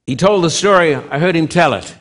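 A man preaching a sermon, swinging from loud emphasis to hushed drops, with slow, deliberate, repetitive phrasing. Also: on the high side, expressive.

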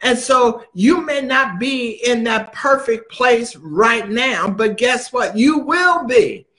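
A man's voice: very high voice, animated, slow, hardly any pauses, bright, forceful tone. A man preaching a sermon, emphatic and repeating phrases for stress.

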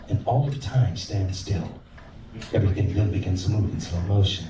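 A man telling an animated comic story on stage, acting out voices. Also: deep voice, normal speed, background noise. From American South. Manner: animated, acts out voices and sings bits. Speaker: stand-up comedian. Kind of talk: stand-up storytelling. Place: comedy club stage. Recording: roomy club sound from a distance.

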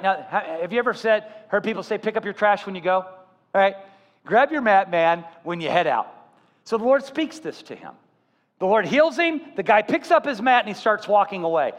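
A man preaching a sermon as pastor, telling stories with animated voices. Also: sits high, big-room sound. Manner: animated storytelling, acting out voices.

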